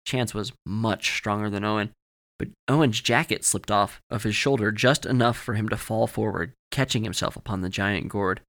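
A man narrating a scripted horror story for a podcast in a measured, steady way. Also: on the low side.

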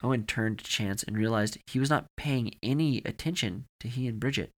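A man's voice: medium pitch, fairly quick. A man narrating a horror story for a podcast with dramatic, varied delivery.

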